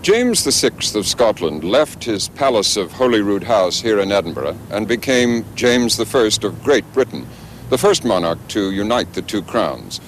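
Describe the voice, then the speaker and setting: A man narrating a documentary in a measured, scripted way. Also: on the low side, very animated, a little hiss or hum.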